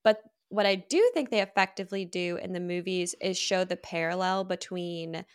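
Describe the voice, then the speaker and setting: A woman's voice: lowish voice, normal speed, clear, resonant tone. A woman co-hosting a podcast, chatting casually and steering the discussion along. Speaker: podcast co-host. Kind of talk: casual chat.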